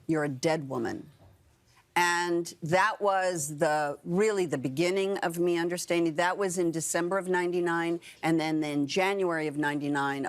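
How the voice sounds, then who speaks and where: Woman, 60s, deep-set low register, earnest and emphatic, TV studio guest. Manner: earnest, emphatic, repeats key phrases. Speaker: guest actor and author. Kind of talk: television interview. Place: morning TV studio.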